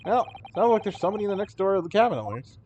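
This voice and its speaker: Brief: a man reading a game on stream, lively pitch, steady noise underneath. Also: rapid-fire, muffled recording. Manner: animated, self-deprecating. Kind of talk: reading a game aloud, casual commentary.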